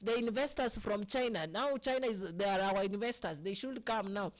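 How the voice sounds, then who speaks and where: A woman's voice: mid-range voice, moderate pace. A woman with a Kenyan accent hosting a casual live stream, chatting with viewers by name and often asking "eh?". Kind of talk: casual live chat mixing English and Swahili.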